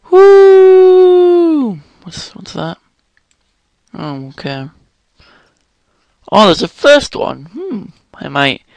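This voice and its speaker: Young guy yelling and cursing through a let's play, slow talker, dry close mic. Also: fairly high pitch, dry recording. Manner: excitable, swears and exclaims often. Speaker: gaming channel host.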